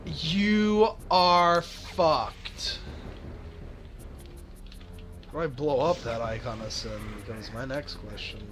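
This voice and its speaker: Streamer man, bright and slightly high voice, sardonic swearing banter, faint music behind. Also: slow pace, long pauses. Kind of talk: casual gaming chat.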